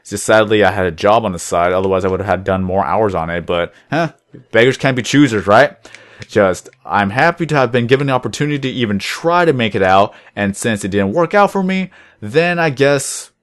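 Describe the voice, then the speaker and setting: A young man rambling through casual commentary over his gameplay video, deliberately lifting his voice above his natural low tone. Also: animated. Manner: rambling, chatty, self-reflective. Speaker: gaming channel host.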